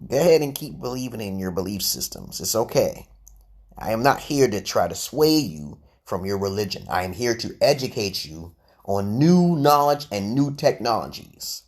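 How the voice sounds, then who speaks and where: A man with a husky voice holds forth on a home live stream, rambling and sure of himself. His pitch swoops widely as he lectures viewers. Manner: rambling, self-assured lecturing. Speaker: livestream host. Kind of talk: casual live-stream talk.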